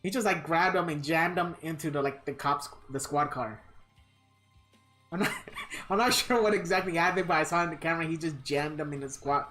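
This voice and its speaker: A man's voice: on the high side, brisk, bright, forceful tone, faint music behind. Rambling, laughing male streamer. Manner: rambling and amused, laughs often, acts out quoted people. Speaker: live streamer. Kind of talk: casual storytelling during a live game stream.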